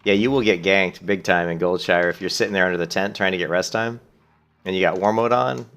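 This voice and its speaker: A man's voice: low voice, fairly quick, a bit bright. A man chatting casually and swearing freely as he plays a game, stopping now and then to answer his chat. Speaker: gaming channel host. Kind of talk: casual gameplay commentary.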